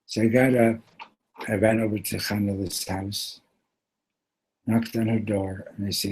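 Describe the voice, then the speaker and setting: A man at a yeshiva gathering retelling a Hasidic story in a heartfelt, animated way, mixing in Yiddish and Hebrew words. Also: fairly low pitch, a little slow, pauses often, breathy edge, poor audio.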